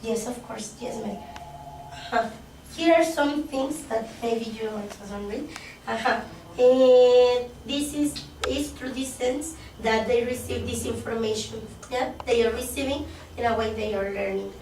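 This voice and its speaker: A woman's voice: a little high, unhurried, darkish tone, far from the mic. A woman giving an interactive workshop presentation, quizzing the group and often checking in with "okay?" and "yes?". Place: classroom. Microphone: distant room mic. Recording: echoey classroom from afar, faint noise.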